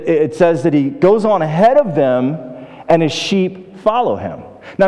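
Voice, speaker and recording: A man on the high side with a darkish tone leads the sermon as pastor, turning it into a conversation by questioning the congregation. When his stories quote someone, he acts out their voices, and the church sanctuary lends a long, large-hall reverb.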